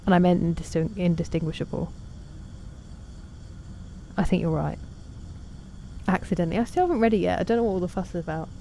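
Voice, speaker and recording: Woman streamer, low mellow voice, chatty and self-deprecating, answers chat. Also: brisk, long pauses, a little hiss or hum. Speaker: game streamer. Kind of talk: casual chat while playing.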